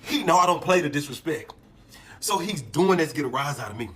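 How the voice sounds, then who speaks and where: A man telling a story in a casual, animated and heavily profane way, acting out what others said. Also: a little high, brisk, crowd noise. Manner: animated, profane, acts out quotes. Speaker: storyteller in a clip.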